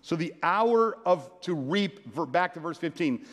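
A man preaching a sermon, reading scripture and telling playful stories with sudden loud bursts of excitement. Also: on the high side, a little slow. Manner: animated, playful storytelling with sudden loud outbursts. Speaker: pastor. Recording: long hall reverb.

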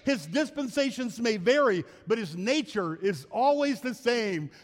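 A man's voice: lively intonation, unhurried. A middle-aged man with an American Midwestern accent, a pastor preaching a sermon, quoting scripture and calling for amens from the congregation. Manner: drops to a soft, low storytelling voice in anecdotes. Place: church sanctuary. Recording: church hall reverb.

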